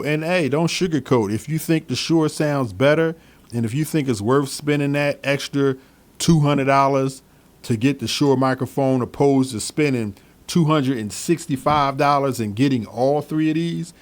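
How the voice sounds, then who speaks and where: Chill guy doing a mic review, mid voice, repeats stuff, talks right at you. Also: medium pitch. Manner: relaxed, repeats phrases, talks straight to viewers. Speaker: DJ reviewing microphones. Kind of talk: casual product review. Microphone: studio microphones he switches between.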